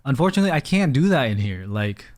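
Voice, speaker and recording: A man's voice: mid-range voice, sing-song, quick pace. A man streaming live from a small room, chatting casually and rambling to his viewers, a little out of breath. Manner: chatty, rambling, talks to chat as "fam".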